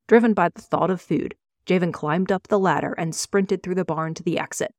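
A woman reading her own fantasy novel aloud in a measured, expressive narration. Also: lowish voice, no echo. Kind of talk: audiobook reading.

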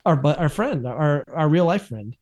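A man co-hosts a podcast with a laid-back, offhand manner. His voice sits a little higher than most men's. He gives blunt opinions and often restarts his sentences. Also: animated, moderate pace, a little mellow. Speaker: podcast co-host. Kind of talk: casual recap chat.

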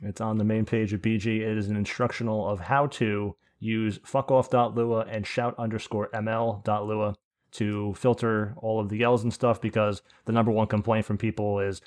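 Man, casual podcast host, rambling animated storyteller, swears a lot. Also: on the low side, moderate pace. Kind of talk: casual chat.

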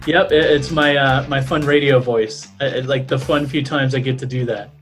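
A man in his thirties from New Orleans, speaking with that city's accent. He co-hosts a podcast in a loose, chatty way, full of "uh"s and restarts, at an ordinary pitch. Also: steady tone, normal speed, fairly bright tone, soft background music. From New Orleans, Louisiana. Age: 30s. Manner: chatty, with frequent fillers and restarts. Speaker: podcast co-host. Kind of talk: casual podcast chat.

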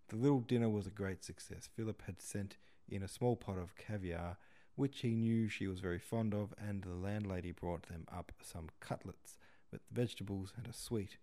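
Male audiobook narrator, steady and measured, deep and mellow. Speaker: podcast host reading a novel.

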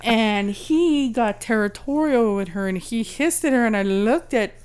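A woman's voice: on the high side, lively intonation, measured pace, a little mellow, clear, resonant tone. A woman co-hosting a podcast, telling stories in a rambling, casual way and swearing freely. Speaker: podcast co-host. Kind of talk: casual chat.

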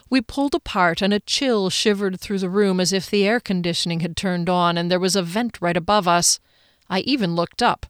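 A woman narrating a first-person audiobook in an expressive, bubbly way, her pitch leaping up on excited lines. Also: clear, resonant tone, no room sound, studio quality.

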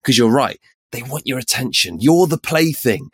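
A man's voice: mid-range voice, expressive, normal speed, slightly rough, dry recording. A man speaks as a podcast co-host, earnest and reflective in a casual chat. His voice sits in a middle range. The recording is dry and close. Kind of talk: casual conversation.

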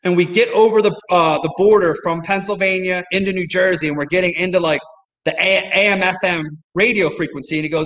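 A man with a high voice tells a comedy road story in a loose, rambling podcast chat, filling his sentences with "like". His voice carries some lingering reverb from the room. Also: fairly quick, fairly bright tone. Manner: storytelling, many "like" fillers. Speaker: comedy producer and guest.

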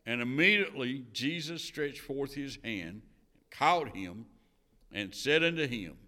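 Slow earnest man preaching. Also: medium pitch, lively intonation, pushed and bright. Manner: earnest preaching, repeats phrases for emphasis, rising to firm declarations; reads scripture in King James wording. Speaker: Sunday school teacher. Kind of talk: sermon-style Bible lesson.

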